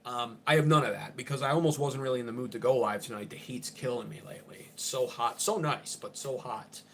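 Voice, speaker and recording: A man's voice: mid-range voice, brisk, fairly bright tone, a little hiss or hum. A man under forty, hosting an unscripted political livestream in an abrasive, profane, ranting way.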